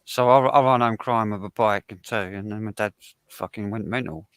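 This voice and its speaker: A man's voice: fairly low pitch, moderate pace, a bit bright, clean tone, dry recording. Blunt, swearing Englishman, dry sound. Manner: blunt, swears freely, stammering restarts. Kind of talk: casual chat.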